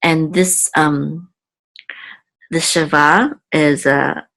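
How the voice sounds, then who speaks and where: A woman's voice: sits low, fairly even intonation, very slow, vocal fry, a bit bright. A woman teaching an online language lesson, going patiently word by word with frequent ums and self-corrections. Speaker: Hebrew teacher.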